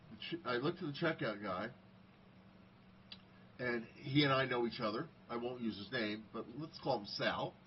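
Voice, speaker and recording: A middle-aged American man with a medium-pitched voice shares personal stories in a casual monologue. He talks conversationally and acts out the quoted dialogue. The audio is slightly dull, with a faint hiss in the background.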